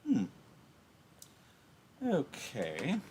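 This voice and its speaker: A man's voice: mid-range voice, wildly swooping pitch, extremely slow, a little mellow, a little hiss or hum. Chatty male teacher with a sore throat. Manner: chatty, apologetic, explaining. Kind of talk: livestreamed reading lesson with analysis. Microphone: laptop.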